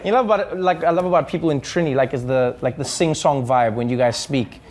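A man's voice: on the high side, fairly quick. A man from Africa, doing playful stand-up crowd work and acting out voices. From South Africa. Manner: animated, playful, acts out voices. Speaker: stand-up comedian. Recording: live club mic with loud audience.

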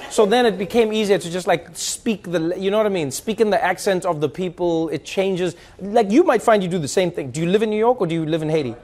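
A man from South Africa telling a lively, animated story in casual chat, slipping into other people's accents. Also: a little high, quick pace, hardly any pauses, slight background noise. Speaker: host.

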